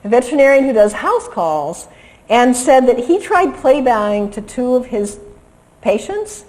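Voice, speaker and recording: A woman lecturing on dog behavior over video clips, lively and acting out what the dogs seem to think. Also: on the high side, measured pace, poor audio. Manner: lively, acts out dogs' thoughts in quotes.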